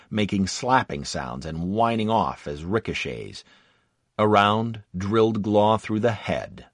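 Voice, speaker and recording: A man's voice: deep voice, husky, dry recording, clean studio sound. A man narrating a first-person war memoir in a vivid, dramatic storytelling manner.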